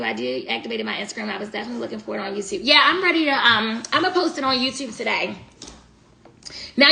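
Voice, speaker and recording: A woman's voice: a little high, creaky, bright, forceful tone. Blunt, slangy woman reading tarot live. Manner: blunt, slangy, talks straight to viewers. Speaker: tarot reader. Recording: echoey room, faint noise.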